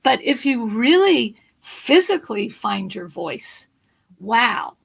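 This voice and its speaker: A woman voice coach speaking in a live video interview, animated and instructive, with a slight morning frog in her throat. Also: fairly high pitch, slow pace, creaky, slightly rough, rough recording.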